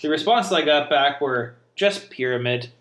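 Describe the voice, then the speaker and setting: A young man hosts a relaxed podcast chat in a bright, ringing voice. He rambles from one story to the next, stops to correct himself, and laughs easily along the way. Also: fairly high pitch, normal speed, a little hiss or hum. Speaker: podcast host. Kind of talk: casual chat.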